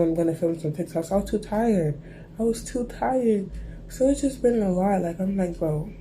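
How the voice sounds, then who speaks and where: A woman's voice: fairly low pitch, dark tone, a little hiss or hum, rough recording. A teenage girl with a stuffy cold, chatting casually to camera in a rambling vlog, full of "like" and "bro". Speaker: lifestyle vlogger.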